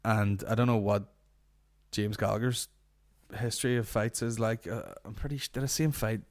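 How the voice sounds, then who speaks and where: A man's voice: lowish voice, fairly even intonation, moderate pace. A young man with a Northern Irish accent hosting a podcast, rambling through sweary casual banter. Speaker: podcast host. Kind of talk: casual chat.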